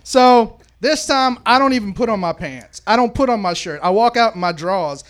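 A man's voice: high-pitched, expressive, normal speed, a bit bright. A middle-aged man telling a rambling, profane story on a live podcast in a sports bar, often correcting himself. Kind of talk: casual storytelling in front of a live audience.

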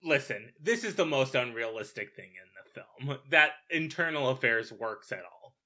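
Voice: medium pitch, very animated, normal speed, pushed and bright. A podcast co-host giving wry, opinionated commentary while recapping a film in casual chat.

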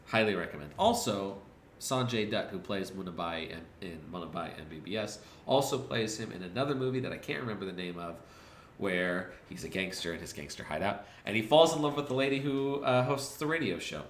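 A man co-hosting a podcast, casually recapping movies in a rambling, profane, deadpan jokey way with quick voiced asides. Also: lowish voice, reverberant, a little hiss or hum. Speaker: podcast co-host.

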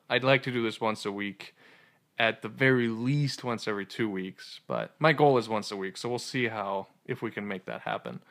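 A man co-hosting a casual podcast chat, rambling and laughing often as he gets excited. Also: fairly low pitch. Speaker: podcast co-host. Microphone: studio podcast mic.

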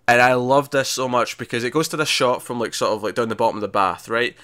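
Bright-voiced man chatting on a podcast. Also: medium pitch, quick pace, few pauses, no echo. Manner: animated, laughing retelling with many fillers and restarts. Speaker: podcast host reviewing a TV episode. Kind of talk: casual chat.

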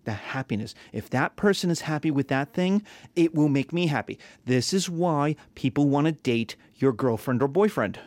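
A man's voice: fairly high pitch, lively intonation, normal speed, a little mellow, no echo. A man teaching a class, talking casually with rhetorical questions and acted-out quotes. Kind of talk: classroom lecture.

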